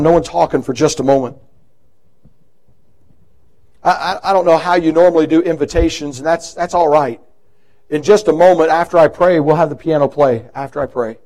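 A man preaching a sermon as pastor, earnest and pleading, swinging from loud passages to hushed invitations. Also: a little high, low-quality recording. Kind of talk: sermon with altar call.

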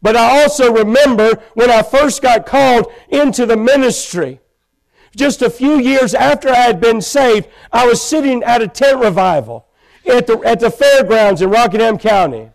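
Preacher guy telling his story from the pulpit, real high gravelly voice, gets loud and pleading. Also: animated, normal speed. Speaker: pastor. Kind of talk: sermon testimony. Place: church sanctuary.

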